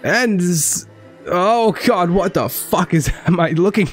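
A young man commentating a horror game live, excitable, swearing and joking to viewers. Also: sits high, takes it slowly, faint music behind. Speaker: gaming streamer.

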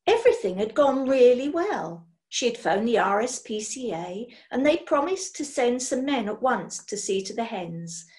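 A woman reading a children's book aloud, expressive, swinging between loud and hushed. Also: on the high side. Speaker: storyteller.

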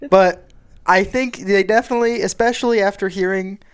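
Young man with a smooth, higher voice. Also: fairly even intonation, a little fast. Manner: laughing, wry. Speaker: podcast co-host. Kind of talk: casual chat.

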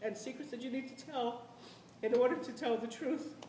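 A middle-aged woman from the South Bronx, telling stories on a panel in a blunt, animated way, swearing freely and laughing often. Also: fairly high pitch, normal speed. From South Bronx, New York. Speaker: playwright on a discussion panel. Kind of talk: candid storytelling on a panel. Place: theatre or auditorium. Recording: echoey hall, distant mic, noisy.

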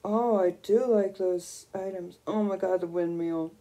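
A young woman streaming a video game, gushing and excitable as she squeals over new items. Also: medium pitch, unhurried. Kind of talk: casual gameplay commentary.

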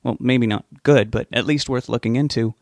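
A man's voice: mid-range voice, normal speed, gravelly, a little mellow, no room sound, studio quality, lightly acted. A man reading an audiobook, voicing an anxious, stubborn young man who talks in an earnest, pleading way. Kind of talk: audiobook character voice.

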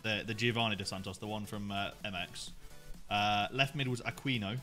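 Laid-back gamer, bright voice. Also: male voice, on the low side, steady tone, moderate pace, soft background music. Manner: laid-back, hesitant with many fillers. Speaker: guest player. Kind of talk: casual gaming chat.

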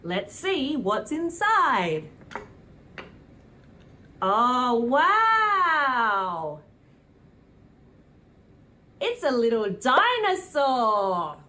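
Young British woman for kids' lessons, high, lively sing-song delivery. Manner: slow, sing-song and animated, gasps and cheers. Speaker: children's presenter. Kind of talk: preschool teaching.

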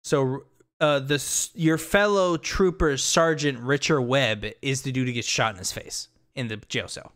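A man co-hosting a casual gaming podcast, talking in an animated way, swearing casually and laughing as he acts out scenes. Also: medium pitch, unhurried. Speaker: podcast co-host.

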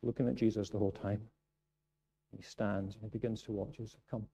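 A Scottish man preaching a sermon in a church, moving between quiet reflective passages and raised, emphatic ones. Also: on the low side, fairly even intonation, a little fast, gravelly, breathy edge. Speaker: pastor. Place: church sanctuary. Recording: dull lo-fi sound.

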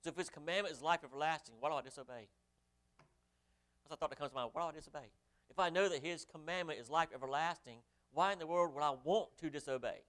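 A man preaches from the pulpit in a voice pitched a little high and notably smooth and resonant. He reads scripture aloud in old-fashioned wording and keeps asking his congregation rhetorical questions. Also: fast talker, a bit bright. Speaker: pastor. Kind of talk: sermon.

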